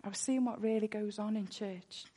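A woman's voice: medium pitch, steady tone, moderate pace, warm tone. A woman preaching a sermon full of personal testimony, earnest, and she repeats words when she gets worked up.

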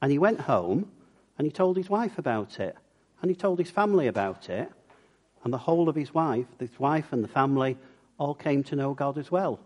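Guy preaching, bouncy animated voice, does little voices for his stories. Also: on the high side, moderate pace. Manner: lively storyteller acting out quoted voices. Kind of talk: sermon with storytelling.

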